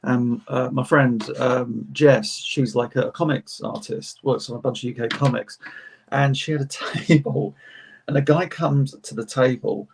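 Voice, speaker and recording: A man's voice: medium pitch, a little slow, creaky, a little hiss or hum. A man, an author on a panel, telling rambling convention anecdotes in casual chat with frequent laughs.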